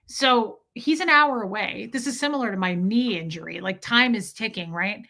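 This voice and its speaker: A woman with a bright, forceful voice hosts a livestream and tells a candid personal story. She talks in an animated, unpolished way and stops now and then to greet people in the chat. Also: medium pitch, normal speed. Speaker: livestream host.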